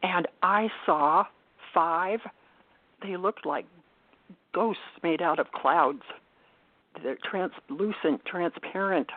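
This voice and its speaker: An older woman giving an earnest personal testimony as an interview guest, halting and restarting as she talks. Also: fairly low pitch, no room sound. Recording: tinny phone line, dry.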